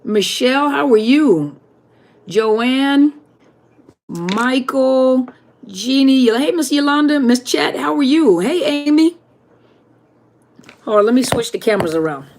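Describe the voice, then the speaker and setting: A woman's voice: high-pitched, animated, slow, pauses often, darkish tone. A woman hosting a live question-and-answer stream, chatting casually and greeting viewers one by one by name.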